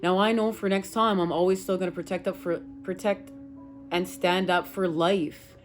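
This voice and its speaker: A woman's voice: on the low side, fairly even intonation, moderate pace, soft background music. A woman tarot reader telling viewers a personal story in an emphatic, rambling way, swearing now and then. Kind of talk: casual spiritual talk to viewers.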